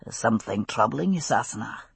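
A woman voicing a drowsy, wry Scottish man who gently teases his wife in bed. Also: rumbling low, expressive, a little fast, creaky, husky, dry recording, pitched below the performer's own voice, exaggerated voice. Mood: drowsy teasing.

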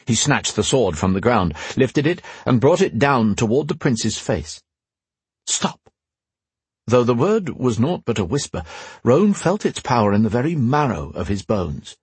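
A man reading a fantasy audiobook, telling the story in a measured, expressive way. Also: mid-range voice, breathy edge, no room sound. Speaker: narrator. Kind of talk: scripted fantasy audiobook narration.

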